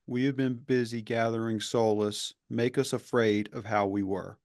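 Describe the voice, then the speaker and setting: A man's voice: medium pitch, fairly even intonation, normal speed, darkish tone, no echo, studio quality. A man who was once a professor, hosting a podcast and talking earnestly and emphatically, rambling with restarts. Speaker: podcast host; former professor. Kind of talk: reflective conversational interview.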